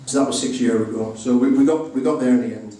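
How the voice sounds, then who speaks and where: Fast and dark-toned at a medium pitch, this middle-aged groom jokes his way through a wedding speech, performing both sides of each dialogue. There's a little hiss or hum, and the far-off mic catches a very echoey indoor reception room.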